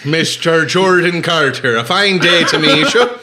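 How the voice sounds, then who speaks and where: A man's voice: a little high, measured pace, noisy background, lightly acted. A man putting on a put-on Irish accent to play a boastful, blustery Irish record producer who picks fights, in an improvised comedy bit. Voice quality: blustery, calls people laddie, picks fights.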